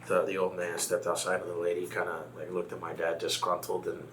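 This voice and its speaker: A man's voice: low voice, completely flat delivery, brisk, slight background noise. A man from Texas, a guest in a casual conversation, talking reflectively and telling a personal story.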